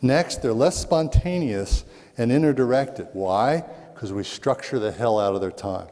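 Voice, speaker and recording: Middle-aged guy from southwest philly telling stories, mellow voice, echo of a big hall. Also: mid-range voice, measured pace. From Southwest Philadelphia. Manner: lively storytelling that acts out voices in quotes. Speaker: speaker on parenting. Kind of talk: storytelling talk to an audience. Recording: long hall reverb.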